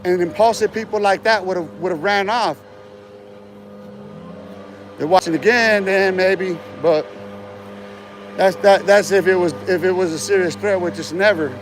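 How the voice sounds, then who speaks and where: A man's voice: high-pitched, a little slow, pauses often, a little hiss or hum. A man talking on a livestream in a rambling, profane, boastful way, laughing between remarks and often trailing off and restarting. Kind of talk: rambling casual livestream talk.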